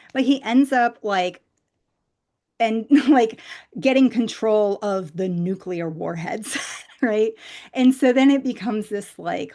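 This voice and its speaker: A woman in her forties giving a conference talk as casual storytelling, chatty, with many fillers and animated quoted voices. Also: mid-range voice. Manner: chatty, frequent "like" and "you know" fillers. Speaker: conference speaker.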